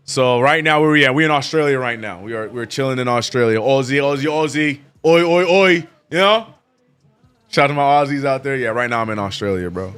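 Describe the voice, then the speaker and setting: Excitable streamer man, bright voice. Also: medium pitch, fast, smooth, soft background music. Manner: excitable, slangy, repeats "bro". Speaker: streamer hosting a watch-along. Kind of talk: casual live-stream chat.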